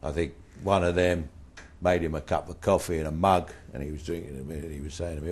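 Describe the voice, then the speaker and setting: Very low-voiced older man telling anecdotes. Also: fairly quick. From Britain. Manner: blunt, animated anecdotes, voices rising in quoted retorts. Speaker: interviewee. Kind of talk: anecdotal storytelling.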